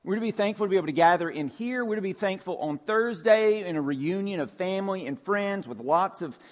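A man's voice: high voice, expressive, brisk. A male pastor preaching a sermon in a church, in a conversational way with frequent casual fillers. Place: church sanctuary.

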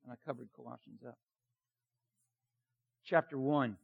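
A man's voice: medium pitch, a little slow, creaky, slightly rough, narrow, tinny audio. A man preaching a sermon as a pastor, emphatic and conversational, with many fillers.

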